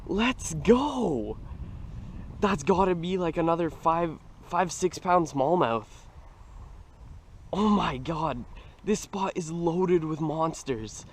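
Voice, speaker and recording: A young man narrates a fishing trip from a kayak on open water, picked up by a camera fixed to the boat. His voice sits a little high and he talks in a slow, drawn-out way. He is excitable, with hushed murmurs that break into loud outbursts. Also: a little hiss or hum. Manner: excitable, exclaiming, swings between hushed murmurs and shouts. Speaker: fishing vlogger. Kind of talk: excited outdoor vlog commentary.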